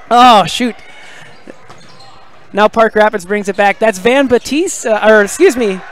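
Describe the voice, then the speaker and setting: Male play-by-play announcer, high voice, excitable, shouts on big plays, chatty asides, school gym. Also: clear, resonant tone. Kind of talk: live play-by-play commentary.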